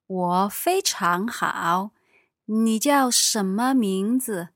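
A woman playing a friendly female conference visitor in a calm practice dialogue. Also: medium pitch, extremely slow, dry recording, studio quality.

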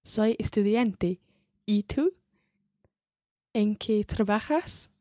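A woman's voice: medium pitch, takes it slowly, warm tone, dry recording, clean studio sound. A woman acting as the learner on a language podcast, repeating phrases after the teacher.

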